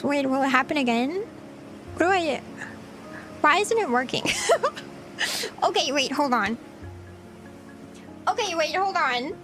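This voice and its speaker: A woman's voice: extremely high pitch, pushed and bright. A woman streaming herself cooking, chatting flustered and giggly to her viewers. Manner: giggly, flustered, talks to chat while cooking. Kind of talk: casual livestream chat.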